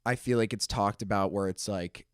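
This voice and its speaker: A young man speaking candidly and haltingly as a podcast guest, leaning on the word "like". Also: on the low side, clear, resonant tone, dry recording, studio quality. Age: young adult. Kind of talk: casual conversation.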